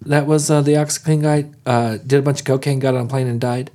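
Man, casual co-host, animated storyteller, acts out quotes. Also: mid-range voice, fast talker. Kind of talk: casual chat.

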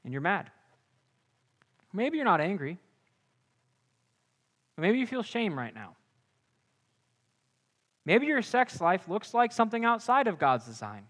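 A young man preaching a sermon to a campus group. He speaks earnestly and directly, moving between loud punchy lines and quiet confiding ones. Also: sits high, big pitch swings, unhurried, pauses often.

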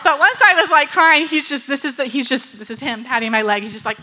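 A woman's voice: high voice, animated, fast, few pauses, pushed and bright, slight background noise, low-quality recording. A woman with children tells a personal story, acting out the quotes and laughing often. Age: adult with children. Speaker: speaker telling a personal story.

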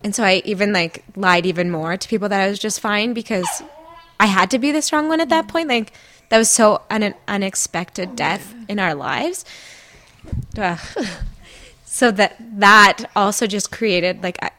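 A young woman co-hosting a podcast, talking candidly in a halting way and often breaking off mid-sentence. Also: medium pitch, pushed and bright. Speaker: podcast co-host. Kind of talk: emotional casual chat.

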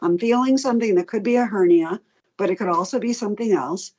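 Talking fast in a husky, medium-pitched voice on lo-fi audio, a middle-aged patient advocate shares her story in an interview. She's candid and animated, quoting and performing the doctors' dialogue as she goes.

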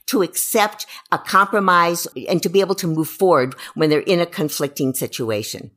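A woman's voice: lowish voice, expressive, normal speed, hardly any pauses, fairly bright tone. A middle-aged woman, an educational psychologist, giving parenting advice on a podcast and acting out what parents and children say.

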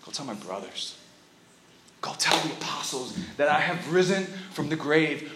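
A man's voice: fairly high pitch, lively intonation, moderate pace, echoey room, noisy background. A man doing a laid-back risen Jesus. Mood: reassuring. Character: Jesus, calm risen man giving orders.

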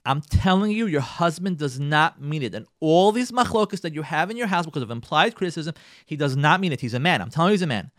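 A man's voice: a little high, animated, fast talker, dry recording, clean studio sound. A man hosting a radio advice talk, speaking emphatically, repeating phrases and acting out quotes from husbands and wives. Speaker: radio host giving marriage advice. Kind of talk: Jewish community radio talk.

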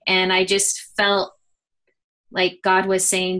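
Woman, middle-aged, interview guest, animated personal storytelling, mid pitch. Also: slow pace, pauses often. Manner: earnest, animated storytelling with many fillers. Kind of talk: personal testimony in a conversation.

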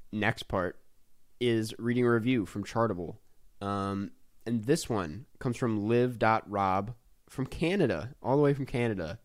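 Loose, laughing male podcast host. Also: on the low side. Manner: loose, lots of ums and laughs. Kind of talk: casual chat.

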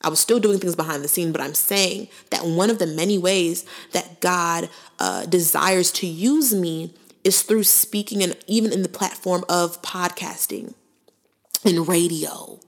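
A woman's voice: on the low side, a little slow, creaky. Earnest young woman podcaster. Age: 20s. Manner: earnest, conversational, preacherly asides. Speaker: podcast host. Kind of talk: faith-based podcast monologue.

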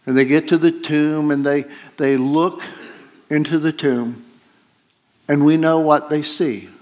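A man preaching a sermon, retelling a scripture story slowly with many pauses and fillers. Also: fairly high pitch, steady tone, a little mellow.

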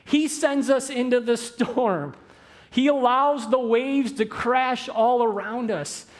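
A man preaching a sermon as pastor, animated, moving between loud emphasis and hushed, slow phrases. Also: extremely high pitch. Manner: quick asides mixed with slow, drawn-out phrases.

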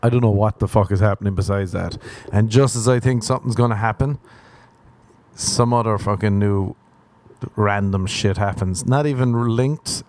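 A young man with an Irish accent and a lowish voice rambles through a comic monologue. He talks in a sardonic, profane way and keeps wandering off on tangents. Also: normal speed, a little mellow. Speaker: podcast host. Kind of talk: comedic solo monologue.

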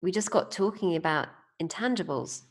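A woman with a very low voice hosts a podcast. She tells anecdotes in an amused, thoughtful way, and the talk stays easygoing. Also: normal speed. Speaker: podcast host. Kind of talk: casual conversation.

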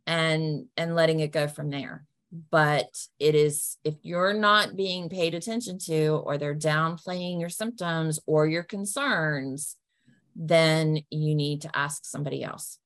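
Lowish woman giving friendly practical advice. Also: slow pace. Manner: friendly and down-to-earth, acts out polite phone lines. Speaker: patient advocate answering questions.

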